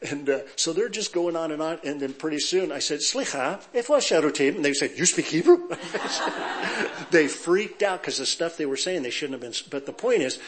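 Delivering a sermon laced with funny anecdotes, this middle-aged Southern California pastor speaks slightly high and slightly fast, with few pauses and a bit of hiss or hum. He tells jokes and stories with lively energy, kidding around with his congregation.

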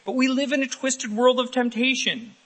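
A man's voice: extremely high pitch, moderate pace, poor audio. A male pastor preaching a sermon in a church, talking with the congregation and asking for raised hands. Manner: lively, talks with the congregation and asks for raised hands.

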